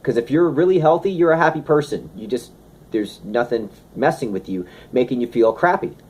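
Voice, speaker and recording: Husky guy chatting about health and habits, loose and lively. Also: medium pitch, fairly quick. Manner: animated, conversational, slips into playful impressions. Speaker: wellness speaker. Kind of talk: casual talk.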